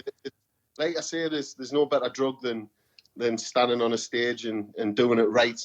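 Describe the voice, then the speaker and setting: A man's voice: mid-range voice, moderate pace, highs cut off. A man with a Geordie accent chatting as a podcast guest, telling stories animatedly and repeating words as he goes. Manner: animated storyteller, repeats words, says "you know what I mean". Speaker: podcast guest, singer-songwriter. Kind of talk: casual podcast chat.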